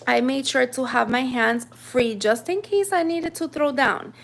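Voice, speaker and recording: Chatty woman with a gravelly voice. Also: high-pitched, measured pace, hardly any pauses, a little hiss or hum. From United States. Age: 30s. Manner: chatty, animated retelling with many fillers. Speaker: storyteller. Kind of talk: casual storytime vlog.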